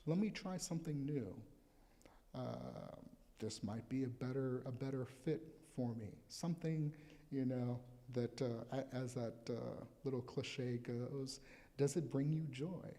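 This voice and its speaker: A male pastor gives a conversational, reflective sermon at a live church service. His voice is mellow and relaxed. A long reverb trails each phrase through the sanctuary. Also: medium pitch, unhurried. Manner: conversational, reflective, reads scripture aloud.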